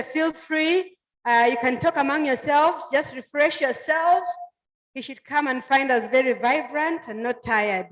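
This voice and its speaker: A Kenyan woman emceeing a public meeting, making friendly, coaxing announcements to the audience. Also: high voice. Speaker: master of ceremonies. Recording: echoey hall with faint music.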